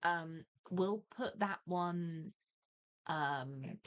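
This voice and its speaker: Woman, tabletop player, deadpan, dry teasing, very slow, low voice. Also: dull audio. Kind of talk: casual tabletop game chat.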